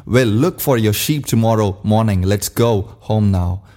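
Man playing old villager, storybook, slow, low, stern. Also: dark tone, lightly acted. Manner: slow and lowered. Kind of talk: storybook narration.

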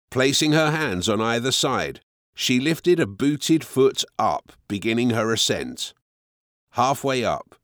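Slow, expressive male audiobook narrator. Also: medium pitch, no echo, clean studio sound.

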